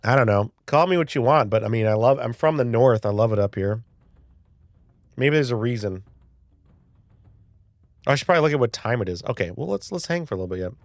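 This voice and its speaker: A man's voice: mid-range voice, animated, brisk, long pauses, dry recording. Rambling man in his early forties. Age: early 40s. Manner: rambling, chatty, swears, reads chat aloud. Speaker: live-stream host. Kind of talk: casual live-stream chat.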